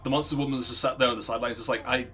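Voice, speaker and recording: A man's voice: mid-range voice, steady tone, rapid-fire, a bit bright. A man, a let's play streamer, casually telling a rambling, profane story while gaming and laughing at his own jokes.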